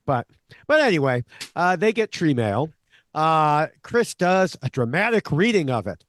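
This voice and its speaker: A man co-hosting a podcast, recapping a reality show in a casual, animated way and laughing often. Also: on the high side, a little slow. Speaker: podcast co-host, Survivor expert.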